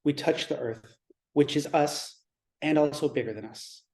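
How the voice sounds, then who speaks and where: Male Zen teacher, dharma talk; mellow, warm tone, reflective delivery with pauses. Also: fairly high pitch. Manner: reflective, measured, with pauses and restarts.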